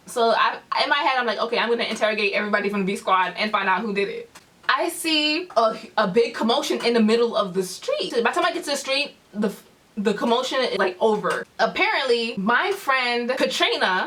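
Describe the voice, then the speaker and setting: A woman's voice: a little high, a bit bright. A young woman vlogger telling a story, acting out what her friends said. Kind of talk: storytime vlog. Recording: voice a bit far from the mic.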